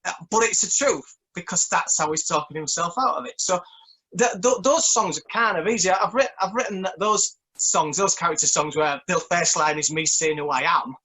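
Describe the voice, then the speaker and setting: Songwriter guy, kinda high bright voice, keeps tripping over his words, chatty. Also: normal speed, low-quality recording. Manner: stammering, repeats words often. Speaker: songwriter guest. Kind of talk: casual interview chat.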